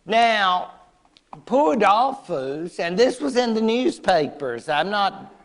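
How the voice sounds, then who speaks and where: A man's voice: sits high, very animated, takes it slowly. A man giving a history lecture to adult learners, chatty and wry with playful asides.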